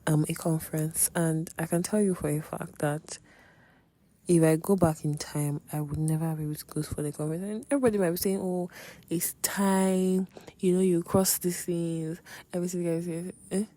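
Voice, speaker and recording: A woman's voice: on the low side, steady tone, moderate pace, mellow. A young woman in her twenties, hosting a podcast and candidly telling a personal faith testimony with dramatic asides. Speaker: podcast host.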